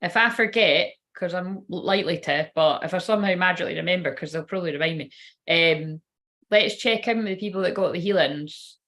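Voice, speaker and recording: Woman, card reader, rambling casual chat, slightly low voice, swears offhand. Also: a little fast, fairly bright tone. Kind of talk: casual livestream card reading.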